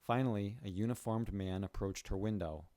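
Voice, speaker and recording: A man's voice: fairly low pitch, moderate pace, warm tone, no room sound. A man reading a story aloud in plain scripted narration.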